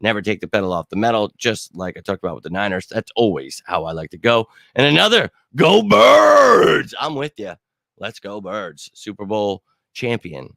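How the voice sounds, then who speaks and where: A middle-aged man hosting a fan live stream, chatting casually with viewers in an excitable, slangy way and bursting into shouts now and then. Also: on the low side, brisk, no room sound, clean studio sound. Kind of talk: casual live chat answering viewer comments.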